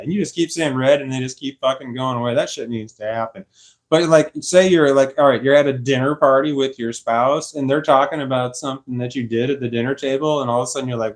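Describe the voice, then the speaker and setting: A man rambling casually to camera, swearing freely and laughing now and then. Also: medium pitch. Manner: rambling, profane, laughs often. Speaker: vlogger.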